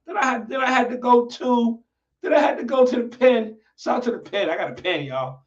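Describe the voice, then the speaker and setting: Guy w/ a high voice hosting a stream, swears a lot, aave, sounds far from a muffled mic. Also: a little fast. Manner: profane, animated, talks to viewers. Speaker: livestream host. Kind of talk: casual livestream commentary. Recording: dull lo-fi audio from off-mic.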